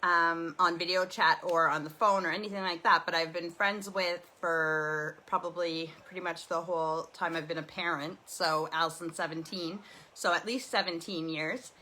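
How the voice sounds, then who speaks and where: A woman's voice: fairly low pitch, steady tone, moderate pace, bright, forceful tone, slight background noise. A Canadian woman hosting a casual, rambling chat show with lots of fillers, speaking over a video call. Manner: rambling, chatty, many fillers. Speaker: host.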